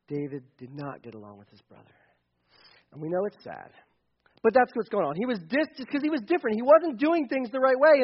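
A man preaching a casual, joking sermon to a young audience, with many restarts. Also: sits high. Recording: dull lo-fi recording.

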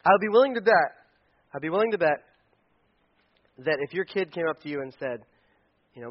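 A man's voice: a little high, animated, a little fast, pauses often. A man preaching a casual, joking sermon to parents, acting out little scenes in funny voices. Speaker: pastor speaking to parents. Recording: dull lo-fi sound.

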